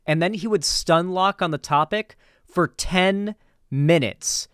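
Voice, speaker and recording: A man telling a casual, rambling story in commentary style, animated and swearing now and then. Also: high voice, takes it slowly, smooth, no room sound, clean studio sound.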